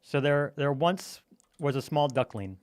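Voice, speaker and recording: A man in casual gaming chat, playful and teasing as he tells a silly story to his friends. His voice sits somewhat high. The recording is close and dry, with no room around it. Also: animated, measured pace, dry recording. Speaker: gamer telling a campfire story.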